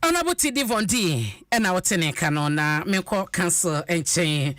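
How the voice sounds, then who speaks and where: A man's voice: high voice, lively intonation, measured pace, pushed and bright, no echo, clean studio sound. A Ghanaian man hosting a radio panel, passing the floor between guests with short interjections. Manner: brief interjections, moves the discussion between guests.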